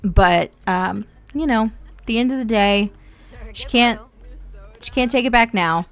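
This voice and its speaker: A woman's voice: a little high, unhurried. Bubbly woman narrating a life-sim game. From Indiana. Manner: bubbly and excitable, gushing. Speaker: gaming channel host. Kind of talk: casual gameplay commentary.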